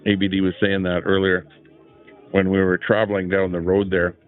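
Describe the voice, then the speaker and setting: Deep and monotone, a man's voice moves at a moderate pace. He's hosting a live stream from a chair at an outdoor rally, loosely chatting and greeting chat viewers. The small clip-on mic yields a tinny, phone-like lo-fi recording.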